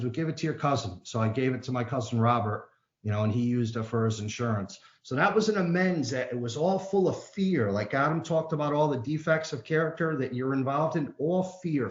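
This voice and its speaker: A man speaks at an AA meeting, moving from reading aloud to a plain, earnest personal story. He restarts his sentences often. The sound is dull and carries the echo of the room. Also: medium pitch.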